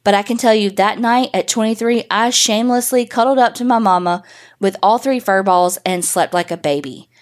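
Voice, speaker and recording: A woman's voice: mid-range voice, normal speed. Casual, profane woman telling a spooky story. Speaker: podcast host reading a listener story. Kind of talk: first-person story reading.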